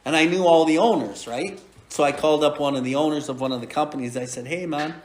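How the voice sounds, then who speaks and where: A man's voice: fairly high pitch, fast talker, roomy sound, slight background noise. A man in his forties hosting a recovery podcast, telling a story in a blunt, profane, casual way with frequent laughter. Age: 40s.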